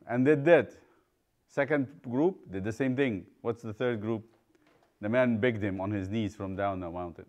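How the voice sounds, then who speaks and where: A man's voice: on the low side, normal speed, a little mellow. A man teaching a children's Bible study, quizzing the class and retelling stories with acted-out voices.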